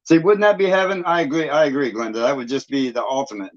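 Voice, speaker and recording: A man's voice: medium pitch, fast. A man from Michigan hosting a live stream, chatting casually and folksily with viewers and laughing often. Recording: dull lo-fi sound.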